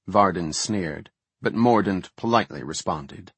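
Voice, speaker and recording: A man reading a fantasy audiobook in a measured, steady way. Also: low-pitched, breathy edge, no echo. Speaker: audiobook narrator.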